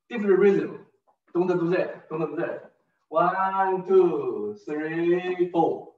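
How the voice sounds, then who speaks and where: Slow-counting tai chi teacher, man. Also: sits high, darkish tone. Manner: counts beats aloud, short broken phrases. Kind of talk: step-by-step movement instruction. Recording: distant roomy lo-fi recording.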